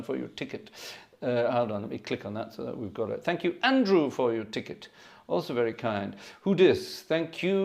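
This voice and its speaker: A cheerful man hosting a live organ-music stream. He talks to viewers in a chatty, effusive way and keeps thanking them by name. His pitch swings up and down in a lively, sing-song way. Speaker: livestream organist and host. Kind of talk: live-stream chat between organ tunes.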